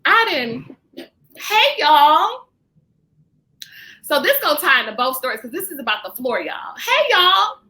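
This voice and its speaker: Woman, podcast guest; high, bright voice; animated storyteller in casual chat. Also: measured pace, pauses often. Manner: animated, vents to listeners as "y'all".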